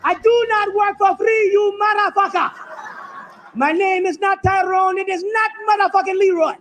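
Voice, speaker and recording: A comedian voicing a defiant enslaved African man who shouts indignantly that he is done being beaten and is walking out. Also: very high voice, expressive, fast talker, a little hiss or hum. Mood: defiant shouting.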